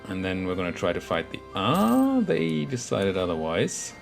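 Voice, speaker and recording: A man's voice: deep voice, fairly quick, creaky, faint music behind. A young man casually commentating his own strategy game, thinking aloud and muttering at the units on screen. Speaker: gameplay commentator.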